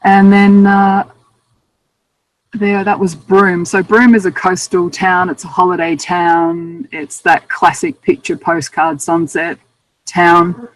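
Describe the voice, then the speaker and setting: A woman's voice: fairly low pitch, little pitch movement, takes it slowly, rough recording. A woman with an Australian accent, a guest author telling travel stories in a chatty, self-amused way. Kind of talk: casual interview storytelling.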